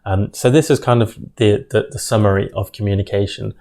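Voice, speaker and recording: A young man explains interview skills straight to camera, his voice low and mellow. He pauses with frequent ums and trips over repeated words as he goes, gesturing with his hands while he talks. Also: fairly even intonation, creaky. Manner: hesitant, many ums and restarts; uses hand gestures while speaking. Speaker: medical school interview tutor. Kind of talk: instructional talk to camera.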